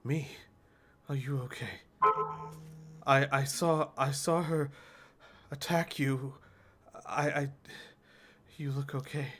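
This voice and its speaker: Male GM as a nervous young man, stammers, slow. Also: mid-range voice, a little mellow, breathy edge, pitched above the performer's own voice. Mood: worried.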